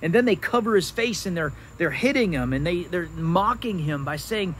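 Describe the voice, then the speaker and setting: A man pastor giving a devotional Bible teaching, talking slowly with many fillers and restarts. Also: high-pitched, expressive, fairly bright tone, a little hiss or hum, rough recording.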